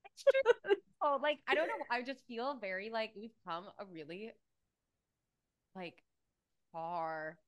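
A woman's voice: fairly high pitch, lively intonation, takes it slowly, pauses often. A woman co-hosting a podcast in casual chat, emotional and swearing freely, with lots of "like". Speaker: podcast co-host.

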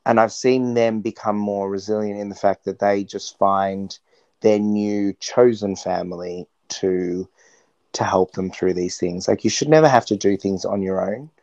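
A man talking earnestly as an interview guest, reflecting slowly with frequent restarts. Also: lowish voice, fairly even intonation, darkish tone, no echo, dull audio. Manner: earnest, searching, many restarts. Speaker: interview guest, stage performer.

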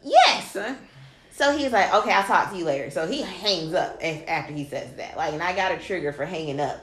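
A woman co-hosting a podcast, telling a long story in casual chat, animated and swearing freely as she quotes people. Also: low-pitched, fast. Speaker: podcast co-host. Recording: echoey room with faint noise.

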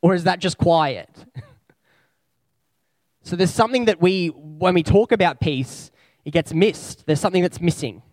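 A man preaching a sermon in a relaxed, conversational way, building slow spoken lists. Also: high-pitched, dry recording.

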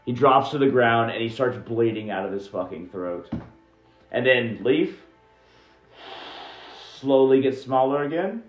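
A man's voice: mid-range voice, animated, measured pace, pauses often. Guy running a tabletop game, chill and casual, roomy muffled audio, faint music. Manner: casual, laid-back, loose with swearing. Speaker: game master.

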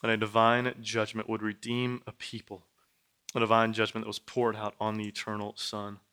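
A man preaching a sermon with a bright, forceful, crisp voice. He stacks repeated phrases, and his delivery swings from hushed, intimate lines to loud, driving ones, all at a middle pitch. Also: completely flat delivery, moderate pace. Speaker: pastor. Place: church sanctuary.

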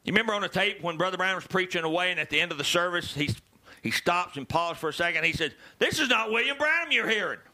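A male preacher delivering a sermon, dropping to low murmurs and rising to shouted calls to the congregation. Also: expressive, fast talker. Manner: swings from low murmurs to loud shouted exhortations.

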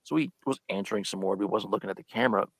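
A man's voice: on the low side, rapid-fire, creaky, husky, no echo. A man chatting as a guest on a live podcast, telling a story and acting out the lines he quotes. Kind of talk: casual live podcast chat.

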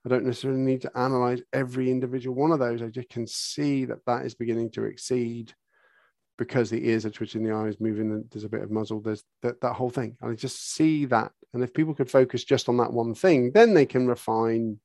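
A man with an animated manner, explaining horse behaviour as a guest on a podcast conversation. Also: medium pitch, a little fast, gravelly, no room sound, clean studio sound. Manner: animated, acts out what horses and people would say.

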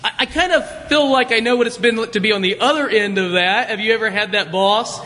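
A man with a high, bright voice tells a story to an audience, chatty and full of restarts. His voice rings in a reverberant hall. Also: fairly quick. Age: adult, worked a job at seventeen years ago. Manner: conversational with frequent restarts. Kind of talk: storytelling illustration in a talk.

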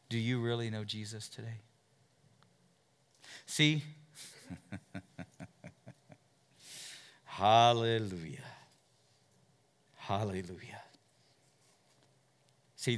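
Pastor guy preaching a sermon to his church, repeats himself and quizzes the crowd, goes big then real quiet. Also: on the low side. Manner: preaching with big swings between loud emphatic lines and hushed, near-whispered appeals; asks the congregation questions and repeats words as he builds.

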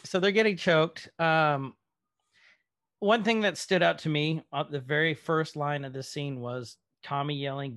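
Gravelly-voiced man recapping a show. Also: on the high side, a little slow, fairly bright tone, no echo, clean studio sound. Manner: rambling with many fillers. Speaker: podcast co-host. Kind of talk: casual chat, recapping a TV episode.

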